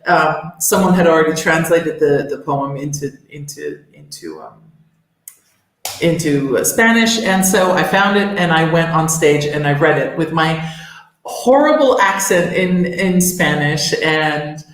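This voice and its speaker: A woman's voice: deep voice, expressive, measured pace. A woman co-hosting a casual chat, rambling with many restarts and fillers. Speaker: co-host. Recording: very echoey room.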